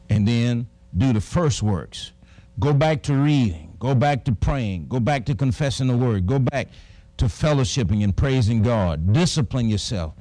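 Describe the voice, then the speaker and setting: A man preaching a sermon as a pastor, with a dramatic storytelling manner that breaks into shouted exclamations. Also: mid-range voice, no room sound.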